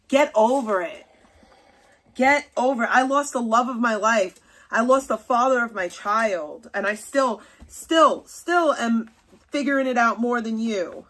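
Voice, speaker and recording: A young adult woman hosting a livestream angrily rants at someone, scolding them with profanity. Her voice is on the high side and a bit bright.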